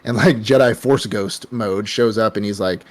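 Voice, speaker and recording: A man's voice: on the low side, normal speed. A young man hosting a casual anime podcast, retelling a show in a rambling, profane way full of fillers. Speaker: podcast host.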